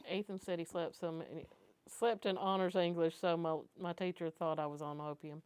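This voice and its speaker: A woman's voice: on the low side, steady tone, moderate pace, a little mellow, clean tone, dry recording. A young woman co-hosting a casual live stream from a gun shop, asking curious questions and reading out viewer comments. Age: young adult. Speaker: co-host reading chat.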